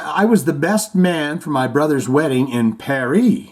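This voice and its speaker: A man's voice: a little high, moderate pace, few pauses. A middle-aged man hosting a casual podcast, reading listener comments and jokes aloud and telling stories with silly voices. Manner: animated storyteller, jumps into silly voices and reads jokes. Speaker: podcast host.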